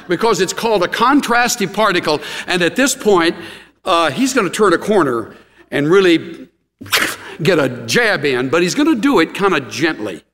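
A middle-aged man preaching a sermon, animated, acting out quotes with gasps and laughs. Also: high voice, long reverb tail. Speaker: pastor.

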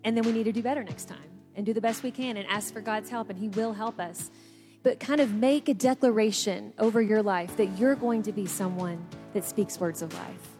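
A woman speaking earnestly to an audience, encouraging and gentle. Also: mid-range voice. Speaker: co-speaker at a church marriage session.

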